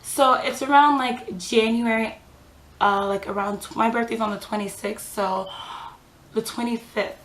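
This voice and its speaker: A woman's voice: a little high, unhurried, echoey room, rough recording. A young woman vlogger telling a story in a casual, chatty way, full of fillers and quoted dialogue. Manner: chatty, filler-heavy, animated quoting.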